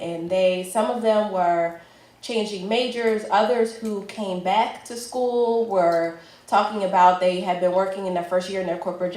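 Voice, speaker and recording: A woman, a fashion entrepreneur, telling a personal story in a chatty, lively way with lots of filler words. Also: mid-range voice, roomy sound, low-quality recording. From United States.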